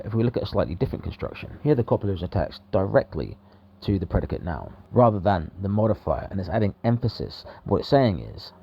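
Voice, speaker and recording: A man giving a measured, explanatory video lesson on grammar. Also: sits low, lo-fi sound, a little hiss or hum. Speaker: language teacher.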